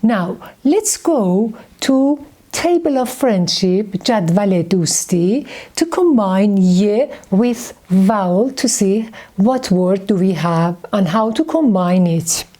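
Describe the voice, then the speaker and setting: A woman with a Persian accent teaching a beginner Persian lesson, speaking slowly and patiently and repeating each word. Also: medium pitch, lively intonation, mellow. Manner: slow, patient, repeats words and letter names. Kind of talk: slow beginner language lesson.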